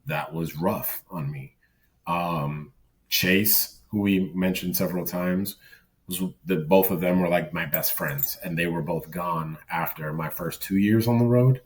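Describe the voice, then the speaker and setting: A man's voice: sits low, unhurried, recorded from a distance. A man who works as a circus clown, a guest on a podcast, telling stories in a rambling, self-deprecating way. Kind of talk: casual podcast conversation.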